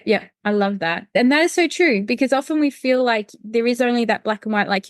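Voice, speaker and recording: A woman hosts a podcast in a casual interview style. She agrees often and reflects back what her guest says. Her pitch is ordinary, and the recording is dry and close. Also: no echo. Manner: warm, affirming listener with frequent agreement. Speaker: podcast host.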